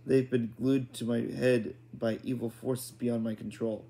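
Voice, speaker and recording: A man's voice: medium pitch, little pitch movement, measured pace, warm tone, lightly acted. A man voicing a dramatic, overly polite boy in a storybook reading, his speech stiff and formal. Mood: solemn.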